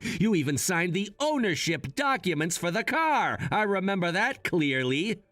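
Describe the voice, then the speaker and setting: Man as a calm, scheming son, high and animated voice. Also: a little slow, no room sound, soft background music, heavily acted. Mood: calculating. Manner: calm, matter-of-fact, quietly scheming. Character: scheming young adult son, calm and calculating.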